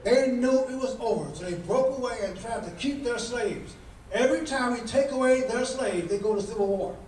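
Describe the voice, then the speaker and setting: Heard from a distance in an echoey banquet hall with slight background noise, a guest speaker at a political dinner gives a fiery political speech. His voice is very high-pitched with a darkish tone, moving at a moderate pace, and he preaches emphatically, stringing together repeated rhetorical questions.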